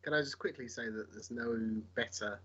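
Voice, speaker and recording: A man's voice: medium pitch, moderate pace, bright, forceful tone, husky. Eager man playing a tabletop game. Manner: eager, describing his character's actions. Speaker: player. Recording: dull lo-fi mic.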